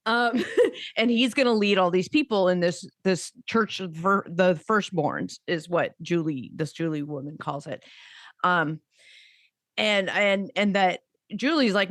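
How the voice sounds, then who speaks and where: A woman's voice: on the low side, unhurried, no echo. A woman co-hosting a podcast in casual chat, rambling with frequent restarts and laughs. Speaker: podcast co-host.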